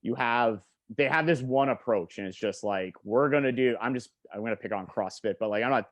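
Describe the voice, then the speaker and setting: A man's voice: lowish voice, a little fast, a bit bright, dry recording. A man hosting a casual podcast, rambling and joking with a lot of fillers. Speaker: podcast host.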